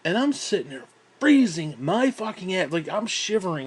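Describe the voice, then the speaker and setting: A man's voice: high-pitched, lively intonation, moderate pace, breathy edge. A young man rambling through a casual, profane vlog monologue, often breaking into laughs and sighs. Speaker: vlogger.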